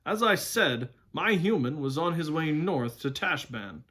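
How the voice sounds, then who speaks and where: A haughty talking war horse, as a man reads him aloud from a storybook. He speaks briskly and loftily, with open scorn for humans, in a fairly high voice. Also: lively intonation, pushed and bright, exaggerated voice. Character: proud, stern talking male war horse.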